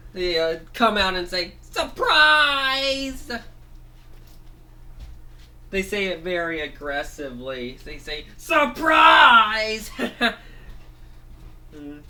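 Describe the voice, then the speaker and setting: A man telling a rambling, improvised story, correcting himself as he goes and jumping into quick voices for the characters. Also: on the high side, pushed and bright.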